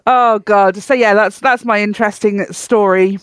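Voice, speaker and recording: A podcast co-host, telling a story in an animated, chatty way. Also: mid-range voice, normal speed, smooth, no room sound. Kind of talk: casual chat, storytelling.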